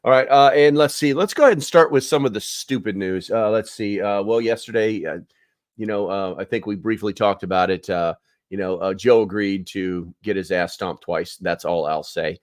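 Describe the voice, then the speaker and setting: A man's voice: on the low side, moderate pace, no echo, clean studio sound. A man hosting a prepper channel, rambling through the news with sarcastic asides and lots of filler words. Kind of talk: casual news commentary.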